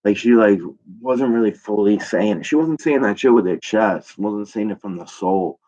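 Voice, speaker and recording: A man's voice: on the low side, moderate pace, dark tone. A young adult male comedian telling a rambling, profane stand-up story, full of fillers. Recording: dull lo-fi recording.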